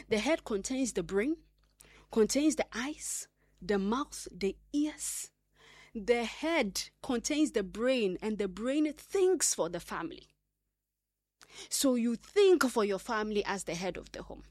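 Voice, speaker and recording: A woman's voice: on the high side, lively intonation, unhurried, a little mellow, dry recording. A woman hosting a radio talk segment, delivering an earnest, emphatic monologue full of fillers and restarts. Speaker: radio host.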